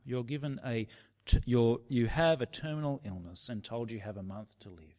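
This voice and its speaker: A man preaching a sermon, slow and emphatic, sometimes dropping his voice to a near whisper for effect. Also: medium pitch. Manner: slow, emphatic preaching with dramatic drops to a hush. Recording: long reverb of a large hall.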